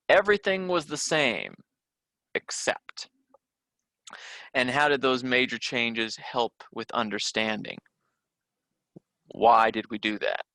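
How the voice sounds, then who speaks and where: A man's voice: mid-range voice, sharp tone, no echo. A man teaching a recorded test-prep lesson, talking through questions in a loose conversational way with frequent fillers and restarts.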